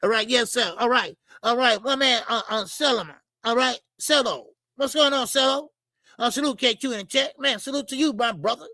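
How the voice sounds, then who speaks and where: A man hosts a boxing live stream, his voice high and bright with a gravelly edge. He talks in a loose, profane, chatty way and greets his viewers one by one. The sound is close and dry, with no room echo. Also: a little fast. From Chicago. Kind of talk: casual live-stream chat.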